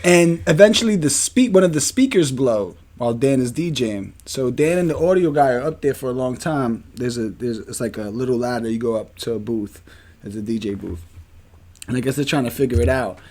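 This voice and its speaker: A man, a podcast co-host telling a story in a casual, animated and profane way. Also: mid-range voice, a little fast.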